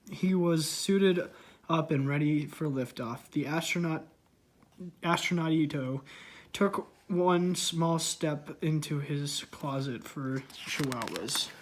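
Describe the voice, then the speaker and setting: A man reading a children's storybook aloud, stumbling and correcting himself. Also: fairly high pitch. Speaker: story reader.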